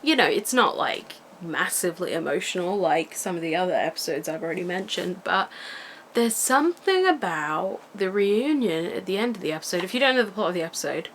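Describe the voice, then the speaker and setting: A woman's voice: on the low side, expressive, brisk, slight background noise. A young woman vlogging to her camera at home, rambling about things she loves in a gushing, enthusiastic way. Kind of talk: casual rambling vlog chat. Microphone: camera mic.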